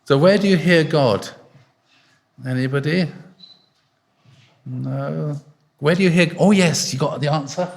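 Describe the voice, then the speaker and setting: A man's voice: on the high side, a little slow, creaky, long pauses, a little hiss or hum. A man preaching an informal sermon in an arts centre hall, chatty and full of fillers, stopping often to quiz his listeners. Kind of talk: informal sermon with congregation questions.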